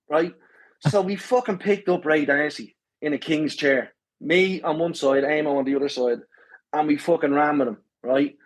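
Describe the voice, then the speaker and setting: A man with an Irish accent, a podcast guest telling a lively anecdote full of swearing and "right?"s. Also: a little high, fairly quick, low-quality recording. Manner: animated, swears freely, says "right?" often. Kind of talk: casual storytelling.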